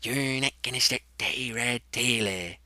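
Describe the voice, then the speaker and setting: A man voicing a sly male ghost who gives teasing advice in a hushed, half-whispered voice. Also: medium pitch, a little slow, dry recording.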